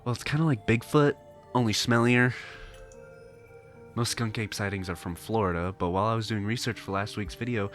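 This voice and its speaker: A man's voice: fairly low pitch, brisk, a bit bright, soft background music, natural voice. A man voicing a young woman who hunts cryptids for online videos, upbeat and chatty, reading game dialogue. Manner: chipper, chatty, eager.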